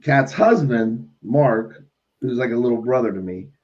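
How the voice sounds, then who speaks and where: A man's voice: mid-range voice, unhurried, a little mellow. Emphatic man telling a story on a lo-fi stream. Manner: storytelling, emphatic, says listen. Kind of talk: casual live-stream talk. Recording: slightly dull lo-fi sound.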